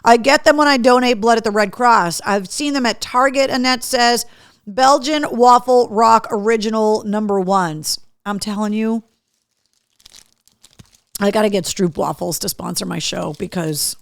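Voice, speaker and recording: Speaking at a measured pace with a slightly high, vocal-fried voice, a woman hosts a live webcast from her small home studio. She's a radio host who chats bluntly, swears freely, reads out viewer comments and talks with her mouth full as she eats. There's no room sound, and the audio is studio quality.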